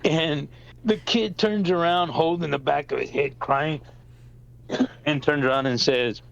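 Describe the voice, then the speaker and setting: A man's voice: on the high side, a little slow, gravelly, lo-fi sound. A middle-aged father telling family stories on a podcast, swearing freely and acting out the people he quotes. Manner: animated storyteller, swears, acts out quoted lines. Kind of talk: casual storytelling chat.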